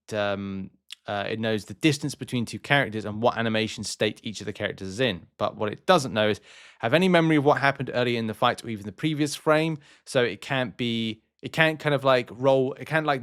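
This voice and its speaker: A man hosting a gaming channel, giving blunt, rambling advice in casual news commentary. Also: medium pitch.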